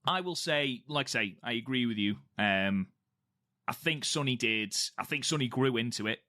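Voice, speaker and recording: A man's voice: mid-range voice, lively intonation, moderate pace, bright, forceful tone. A man co-hosting a casual podcast chat, talking eagerly and repeating words for emphasis. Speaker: podcast co-host.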